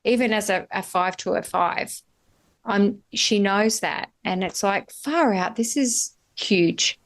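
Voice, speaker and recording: A woman's voice: medium pitch, takes it slowly. A middle-aged woman hosting a podcast, talking candidly in casual conversation, swearing freely and laughing easily. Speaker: podcast host.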